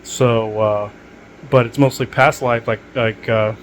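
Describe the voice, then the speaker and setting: Rambling man, mid-pitched, full of fillers. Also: steady tone, measured pace, a little hiss or hum, rough recording. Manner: digressive, many filler words and restarts. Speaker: podcast host. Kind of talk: rambling casual monologue.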